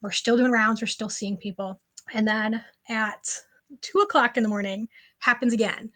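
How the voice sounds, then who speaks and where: A woman sits as a guest on a podcast and tells a personal story in an animated, casual way. Her voice sits a bit higher than most, and "like" keeps popping into her sentences. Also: normal speed. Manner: animated, frequent "like" fillers.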